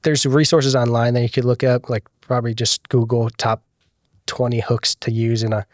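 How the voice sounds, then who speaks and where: A man's voice: mid-range voice, normal speed, no room sound, clean studio sound. Casual man explaining video tips. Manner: relaxed, explains with many "like" fillers. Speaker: guest video producer. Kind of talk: casual podcast interview.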